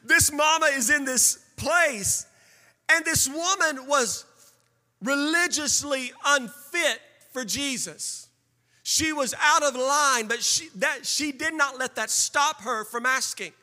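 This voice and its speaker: A male pastor preaching a sermon with sing-song cadence and shouted peaks. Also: extremely high pitch, takes it slowly, long reverb tail.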